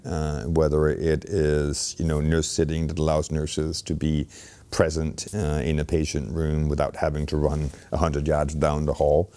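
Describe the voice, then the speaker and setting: A man's voice: very deep voice, warm tone. A middle-aged man giving reflective interview answers as a guest, thoughtful and full of "you know" fillers and restarts. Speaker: interview guest, healthcare innovation leader.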